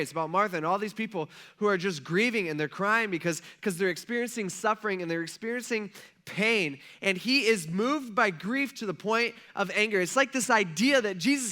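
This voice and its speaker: A man's voice: high voice, bright, forceful tone. A man preaching a sermon as pastor, retelling a Bible story in a casual, conversational way and acting out what the people said.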